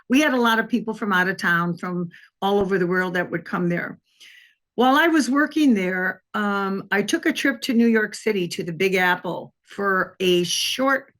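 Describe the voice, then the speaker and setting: A woman in her sixties, originally from Wisconsin, recounts her path into police work as an interview guest. She tells it as a lively story, acting out the dialogue. Her voice sits at an ordinary middle pitch. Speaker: guest, retired police detective.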